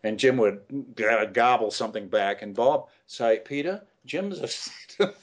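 A man's voice: mid-range voice, fairly bright tone. An older man, a guest telling anecdotes in a rambling, hesitant way with many fillers and restarts. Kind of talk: casual storytelling interview.

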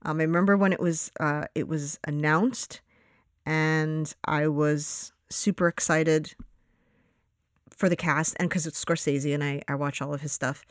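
A podcast co-host in casual chat, rambling and acting out their own reactions in quick quoted asides. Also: medium pitch, steady tone, no room sound, studio quality.

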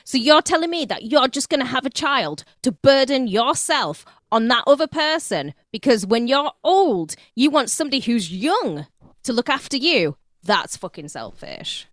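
A woman's voice: sits high, very animated, normal speed, dry recording, clean studio sound. Blunt, crude woman podcaster. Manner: blunt, crude, laughs often. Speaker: podcast co-host. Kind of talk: crude comedic podcast chat.

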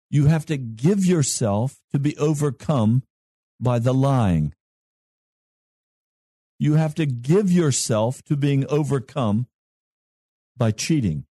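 Slow-speaking male preacher, dry sound. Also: mid-range voice, mellow, husky, no echo. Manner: slow, measured preaching with long pauses. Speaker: pastor. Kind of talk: sermon.

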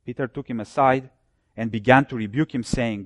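A man preaching a sermon, building his points through repeated phrases and dropping low and soft when he cites scripture. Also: normal speed, no room sound.

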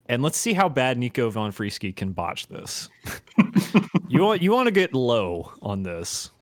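A laughing game master. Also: male voice, mid-range voice, very animated, moderate pace, no room sound, studio quality. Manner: laughing, rambling with many fillers. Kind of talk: narrating a tabletop game.

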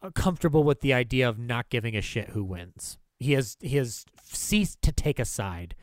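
A man hosting a film podcast in casual chat, swearing freely, excitable, and acting out movie lines as he retells scenes. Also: medium pitch, moderate pace, dry recording, studio quality. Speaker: podcast host.

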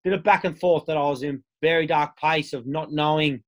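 A man's voice: on the high side, steady tone, fairly quick. A young Australian man telling his story in a casual interview, candid and rambling, swearing freely. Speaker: guest.

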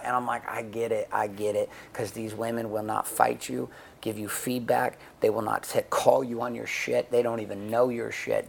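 A man's voice: mid-range voice, creaky. A middle-aged man speaking bluntly and profanely in a candid interview, telling stories with acted-out quotes. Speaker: guest, men's coach and author.

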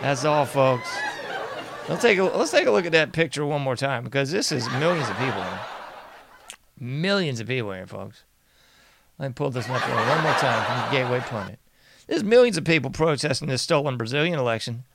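A man's voice: mid-range voice, big pitch swings, fairly quick, creaky, over a noisy crowd, very noisy. A man hosting casual political commentary in a sarcastic, mocking tone, often laughing and repeating sing-song refrains. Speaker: commentary host.

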